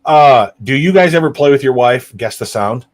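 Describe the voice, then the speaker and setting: A man co-hosts a casual podcast with enthusiastic, jokey banter. His pitch sits in the middle range but swings lively as he gets excited. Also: moderate pace. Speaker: podcast co-host.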